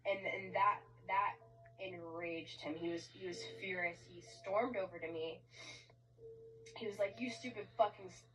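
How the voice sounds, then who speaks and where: A woman giving an emotional personal account, shaken and halting, swearing often. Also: on the low side, fairly even intonation, fairly bright tone, slight background noise. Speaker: interviewee recounting events. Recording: distant clip with faint music.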